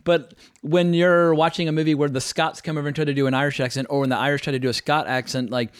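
A man's voice: a little high, flat delivery, clear, resonant tone, no echo, clean studio sound. A man hosting a podcast, talking casually and enthusiastically. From United States. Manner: enthusiastic, quick talker. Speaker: podcast host.

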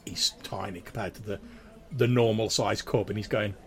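A man's voice: on the low side, steady tone, moderate pace, vocal fry, a bit bright. A man narrating as game master of a tabletop game in a casual, rambling way with many fillers.

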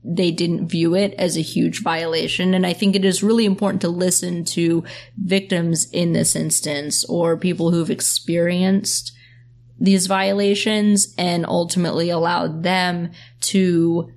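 A woman hosting a podcast, talking earnestly in quick bursts with lots of "like" and "you know" fillers. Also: on the low side, flat delivery, a little mellow. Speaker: podcast host. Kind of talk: casual podcast discussion.

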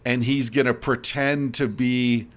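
A man from Pennsylvania hosting a casual chat, talking in a relaxed, conversational way. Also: mid-range voice, measured pace.

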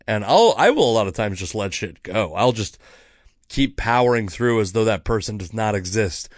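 A man's voice: lowish voice, normal speed, no echo, clean studio sound. A man hosting his own podcast, casually telling a story about a heckler with lots of swearing. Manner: profane, animated storytelling. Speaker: podcast host, comedian.

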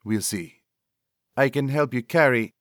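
A man's voice: mid-range voice, measured pace, a bit bright, no room sound, studio quality, natural voice. A man voicing an earnest, worried young woman. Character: worried young woman cousin, a caring mother.

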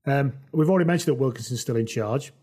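A mid-pitched man hosts a casual football chat, telling stories and tossing in quick asides. He keeps things moving between guests. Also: dark tone. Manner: chatty storyteller, quick asides. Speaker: podcast host.

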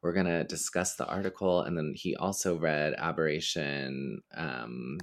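A man co-hosting a casual podcast, talking in a deliberately low, subdued radio voice with heavy vocal fry. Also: fairly even intonation. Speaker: podcast co-host. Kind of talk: casual chat.

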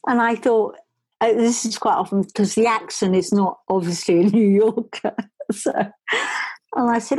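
Woman telling a lively story. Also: mid-range voice, normal speed, no echo, low-quality recording. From England. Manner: animated, breathy asides. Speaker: storyteller guest. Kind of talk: personal storytelling.

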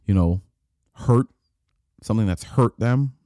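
Warm and fairly low-pitched, a man unhurriedly hosts a casual solo podcast, recorded in a clean studio with no echo. His talk is loose and rambling, full of restarts and repeated words.

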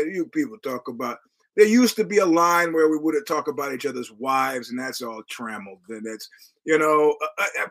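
In a rough, poor-quality recording, a middle-aged man from the United States hosts a podcast. His slightly high, fairly bright voice wanders from story to story, full of restarts, imitated voices, and dry swearing.

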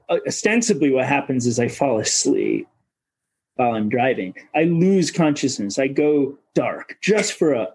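A man's voice: medium pitch, darkish tone, husky, low-quality recording. A man from Minnesota, a coach of coaches, talking as a podcast guest in a searching, philosophical way and swearing casually. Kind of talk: reflective podcast conversation.

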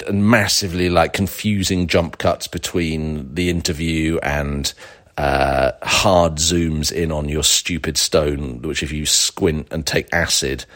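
A man with a very low voice hosts a casual solo podcast. He rambles through digressions with a dry, sarcastic edge, full of fillers and restarts. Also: a bit bright. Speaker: podcast host.

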